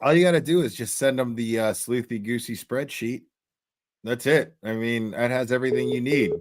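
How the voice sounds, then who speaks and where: A man's voice: medium pitch, normal speed, no room sound, studio quality. A man hosting a live call-in show, joking easily with callers. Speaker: host.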